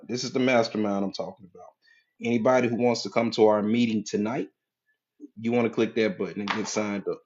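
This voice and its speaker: A man with a fairly low voice talks casually to viewers on a live stream, greeting them by name and repeating his points for emphasis. He coaches on mindset and pitches his community. The audio sounds dull and lo-fi.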